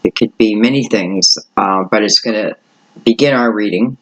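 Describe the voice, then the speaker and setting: A man giving a casual, rambling tarot reading to his viewers, gentle in manner and full of asides like "you know" and "right". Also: on the low side, normal speed, low-quality recording. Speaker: tarot reader.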